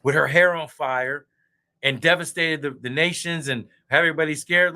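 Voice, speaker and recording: A man's voice: on the high side, normal speed, sharp tone. A man ranting in a heated online chat, boastful and profane, drinking beer as he talks. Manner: drinking beer while talking. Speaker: guest speaker. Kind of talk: heated casual debate chat.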